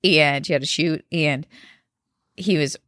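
A woman's voice: low voice, fairly even intonation, a little slow, a bit bright, dry recording, clean studio sound. A woman in her thirties co-hosting a podcast, chatting casually, rambling and laughing often. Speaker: podcast co-host. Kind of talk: casual chat.

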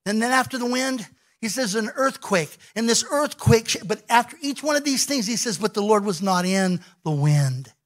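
A male pastor preaching a sermon, telling a scripture story in an animated way and acting out the quoted lines. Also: sits high, moderate pace.

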